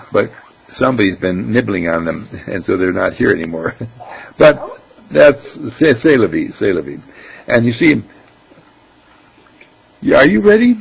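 A man's voice: on the low side, gravelly, a little hiss or hum, rough recording. A man giving an informal spiritual talk as a teacher, with conversational asides and many rhetorical questions.

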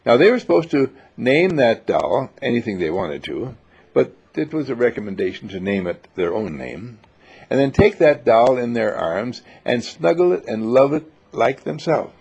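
A gravelly, husky man teaches an enthusiastic spiritual lecture. His delivery is repetitive and full of stories, with a lively voice that rises and falls. The recording sounds dull and lo-fi. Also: medium pitch, normal speed. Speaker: seminar teacher.

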